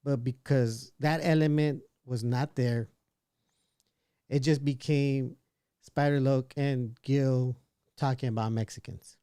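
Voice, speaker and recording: A man's voice: medium pitch, fairly even intonation, slow pace, mellow, smooth, no room sound, studio quality. A man hosting a casual livestream, reading chat messages aloud and giving his opinions with frequent restarts. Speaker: livestream podcast host.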